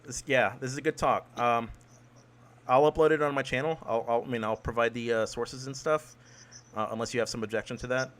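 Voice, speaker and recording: Calm, conciliatory man in a debate. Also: mid-range voice, brisk. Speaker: debate host.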